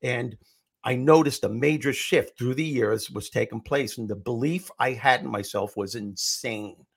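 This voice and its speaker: A middle-aged man, a comedian and motivational speaker, telling animated stories as an interview guest. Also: medium pitch, moderate pace, creaky, breathy edge. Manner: animated storyteller, acts out quotes. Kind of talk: storytelling interview answer.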